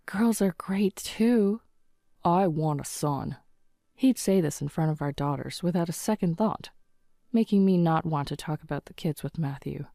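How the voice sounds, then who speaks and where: A woman narrating a scripted first-person story in a calm, even manner. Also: low-pitched, dry recording, studio quality.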